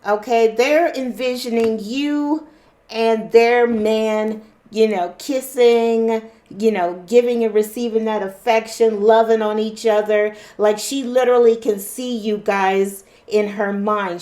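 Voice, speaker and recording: A woman's voice: mid-range voice, steady tone, warm tone. A woman giving a casual tarot card reading to a viewer, often checking in with "okay?". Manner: unhurried, checks in with frequent "okay?". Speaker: tarot reader.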